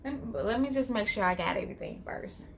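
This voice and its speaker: A woman's voice: fairly high pitch, fast, slight background noise. A woman hosting her own channel, recapping a reality TV episode in a casual, opinionated way with lots of fillers. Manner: animated, opinionated, filler-heavy. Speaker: channel host.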